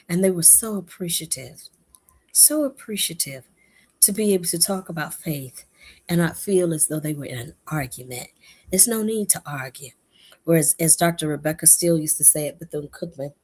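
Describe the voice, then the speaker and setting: Husky-voiced woman giving a devotional talk. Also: sits low, normal speed. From Florida. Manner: animated, repeats short phrases, laughs often. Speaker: host of a short devotional show.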